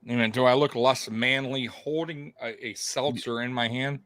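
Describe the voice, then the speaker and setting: A podcast co-host rambles through informal live fight commentary, laughing and repeating himself frequently. His medium-pitched, slightly bright voice moves at a moderate pace with fairly even intonation, and the recording has no room sound.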